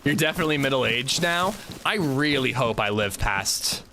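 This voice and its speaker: Male streamer, casual chatty gamer, bright and lively delivery. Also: medium pitch, moderate pace, a little hiss or hum. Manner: chatty, animated, reads chat aloud. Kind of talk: casual livestream chat while gaming.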